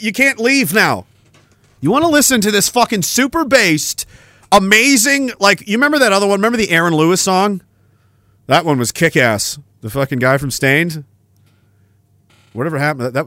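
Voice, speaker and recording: A man's voice: high voice, pushed and bright, dry recording, studio quality. A man hosting a live stream, chatting casually in a rambling, profane way and laughing often. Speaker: podcast host. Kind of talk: casual livestream chat.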